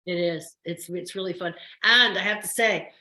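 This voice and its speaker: A soap actress in her older years, on as a guest, tells chatty, effusive stories during a casual interview, frequently restarting. Her lowish voice is bright and forceful at a moderate pace, and the recording has a roomy echo.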